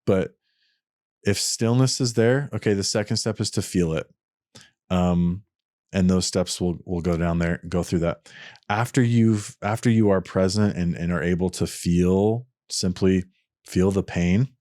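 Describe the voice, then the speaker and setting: A man with a very low voice speaks earnestly to his podcast listeners and explains his ideas step by step. He often restarts his sentences as he thinks aloud. The sound is dry and close, with almost no room echo. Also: steady tone, unhurried, mellow. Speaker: podcast host. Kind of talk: reflective solo podcast talk.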